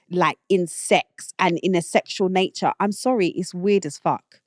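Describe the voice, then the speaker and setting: A British woman with a lowish voice, talking bluntly and opinionatedly in a casual solo monologue. She speaks into a dry, close mic with no room sound. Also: dry recording. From Britain. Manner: blunt and opinionated, rising to indignant outbursts. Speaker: show host.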